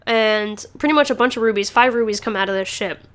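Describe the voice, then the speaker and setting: A woman's voice: medium pitch, fast talker, fairly bright tone. Chatty woman podcast host, rambling. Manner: chatty, rambling, many fillers and restarts, laughs often. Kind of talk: casual chat.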